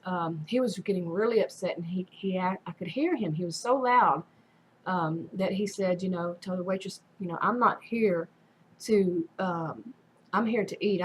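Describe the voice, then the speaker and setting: A woman's voice: medium pitch, slight background noise, poor audio. A woman casually telling a personal story in a rambling way, full of fillers and restarts. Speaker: vlogger.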